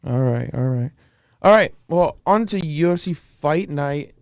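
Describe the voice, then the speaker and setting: A man's voice: on the high side, lively intonation, unhurried, gravelly, no echo. A man co-hosting a sports podcast, chatting casually and rambling through stats with many restarts. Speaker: podcast co-host. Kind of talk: casual chat.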